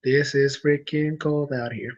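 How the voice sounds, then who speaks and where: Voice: medium pitch, fairly even intonation, measured pace. Rambling sleepy streamer, lo-fi sound. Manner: rambling and chatty, with frequent restarts. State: sleepy, yawning. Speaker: streamer chatting with viewers. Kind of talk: casual late-night stream chat.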